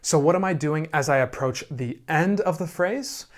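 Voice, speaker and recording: A man teaching piano, calmly explaining phrasing and often checking in with "right?". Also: a little high. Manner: calm, slow explaining with frequent "right?" checks. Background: piano playing.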